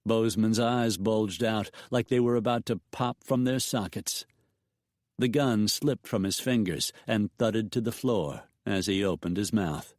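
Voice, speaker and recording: A man narrating a western audiobook in an even storytelling voice, with mild voicing of the characters. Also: fairly low pitch, measured pace, dry recording, studio quality.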